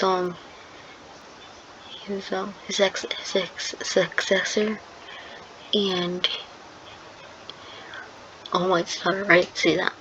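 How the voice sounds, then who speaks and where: A woman improvising a fan-fiction story, rambling and hesitant with many fillers and restarts. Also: mid-range voice. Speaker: channel host telling a fan story. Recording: dull lo-fi sound with clear background noise.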